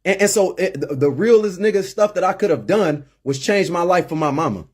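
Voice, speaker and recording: A man's voice: high-pitched, animated, brisk, darkish tone, breathy edge. A middle-aged man hosting a call-in show, talking emphatically and repeating words as he gets worked up. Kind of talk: impassioned monologue.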